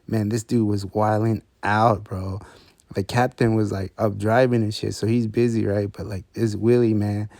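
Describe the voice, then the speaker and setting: A man's voice: fairly low pitch, little pitch movement, normal speed, a little mellow, no room sound. A man telling a casual story full of swearing and laid-back street slang.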